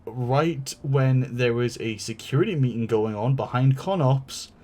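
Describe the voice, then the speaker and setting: A man on a stream, spinning a long anecdote in a loose, rambling way. He stumbles over his words, restarts often and drops the odd swear word, all at an ordinary middle pitch. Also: a little slow, dark tone. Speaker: streamer telling a story. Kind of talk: casual storytelling.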